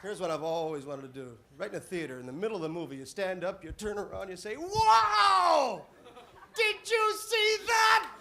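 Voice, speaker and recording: A man doing a stand-up comedy routine on a club stage, deadpan setups that burst into shouted punchlines. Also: a little high, fast talker, few pauses, slight background noise. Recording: live club audience laughing. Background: audience laughter and applause.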